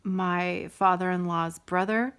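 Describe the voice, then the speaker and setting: A middle-aged woman talks straight to her viewers in a relaxed, chatty way, drifting into one sidebar after another. Her voice sits a little low, and she sounds warm and eager as she goes. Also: takes it slowly, clear, resonant tone. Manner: chatty and rambling, with asides and sidebars; warm and enthusiastic. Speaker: host of a stitching video show. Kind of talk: casual chat to viewers.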